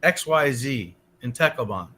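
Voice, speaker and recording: A man in casual chat, telling exaggerated anecdotes in an animated, emphatic way. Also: mid-range voice, a little slow.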